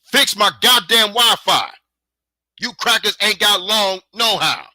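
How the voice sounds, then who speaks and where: A man's voice: sits high, animated, slow, bright, forceful tone, no room sound. A man hosting his own podcast, delivering a heated, profane rant and taunting his listeners with repeated challenges. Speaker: podcast host. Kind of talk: angry solo podcast rant.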